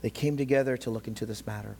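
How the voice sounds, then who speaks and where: A man preaching a sermon as a pastor. He alternates between quiet, slow phrases and fast, passionate passages, and acts out voices of biblical figures. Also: lowish voice, fairly even intonation, vocal fry, a little hiss or hum. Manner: swings from quiet to loud, shouting passionately at peaks.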